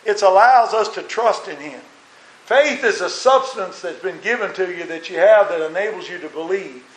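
High-voiced preaching man, roomy echo. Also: normal speed. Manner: earnest preaching with rhetorical questions. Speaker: minister. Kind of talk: sermon.

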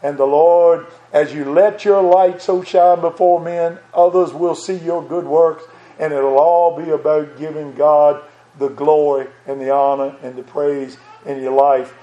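Older male preacher, high voice, echoey. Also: steady tone, unhurried, warm tone, lo-fi sound. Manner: earnest, repeats words, reads scripture aloud. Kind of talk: sermon.

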